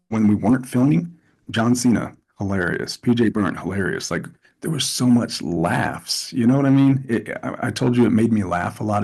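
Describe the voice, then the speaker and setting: A man in a casual interview, telling animated stories with lots of restarts and asides. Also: lowish voice, vocal fry, breathy edge. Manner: animated storytelling with repeated restarts. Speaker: actor, interview guest.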